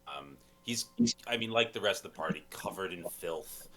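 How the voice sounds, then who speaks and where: A man narrating a tabletop game as game master, describing scenes in a relaxed way. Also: low voice, normal speed.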